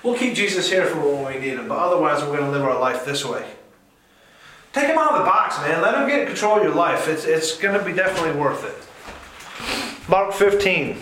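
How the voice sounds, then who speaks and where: Impassioned high-voiced male preacher, echoey church. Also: lively intonation, brisk, bright, forceful tone, slight background noise. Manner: impassioned, rising to high-pitched fervor; addresses listeners directly, calling them "man". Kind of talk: sermon.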